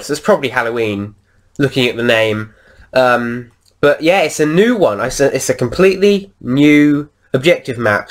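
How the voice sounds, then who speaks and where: Man hosting a gameplay video, mid pitch, rambling casual commentary while he plays. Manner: rambling, lots of ums and restarts while he plays.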